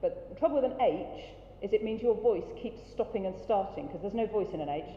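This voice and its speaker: Brisk, encouraging choir director in a reverberant hall, dull lo-fi recording. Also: female voice, medium pitch, expressive, a little hiss or hum. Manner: encouraging, brisk, demonstrates sounds. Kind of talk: rehearsal coaching. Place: large rehearsal hall. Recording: dull roomy hall recording, faint ambience.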